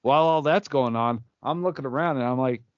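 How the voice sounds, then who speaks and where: A man's voice: mid-range voice, a little fast, smooth, no room sound, muffled recording. Rambling male comedian telling anecdotes. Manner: rambling anecdotes with restarts and acted-out quotes. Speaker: podcast co-host, comedian. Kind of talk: casual podcast banter.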